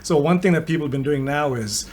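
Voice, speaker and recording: A man's voice: on the high side, fast talker, a little mellow. A man co-hosting a podcast in a casual chat, laid-back, swearing and laughing often. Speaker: podcast co-host.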